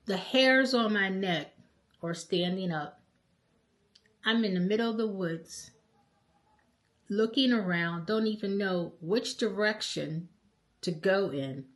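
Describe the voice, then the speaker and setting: Middle-aged woman telling a travel story. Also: mid-range voice. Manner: animated, emphatic retelling with frequent "okay?" check-ins. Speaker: travel vlogger. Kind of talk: casual storytelling to camera.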